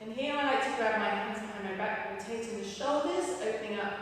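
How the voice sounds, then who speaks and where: A woman's voice: a little high, brisk. A woman fitness instructor leading a live workout class, a little out of breath, encouraging and counting down the reps. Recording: roomy echo, distant from the mic, faint noise.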